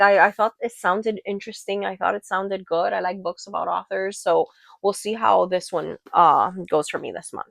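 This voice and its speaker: A woman's voice: medium pitch, vocal fry, fairly bright tone, dry recording. A woman book vlogger talking casually and rambling a little about books she plans to read. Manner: chatty and rambling, with fillers and self-corrections. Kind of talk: casual chat about a reading list.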